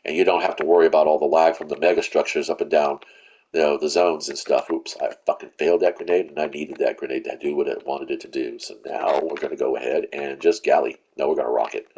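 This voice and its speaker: A gaming channel host with a very deep, darkish and slightly rough voice speaks fast with fairly even intonation. During live gameplay he vents his frustration in profane, rambling commentary, full of restarts and fillers.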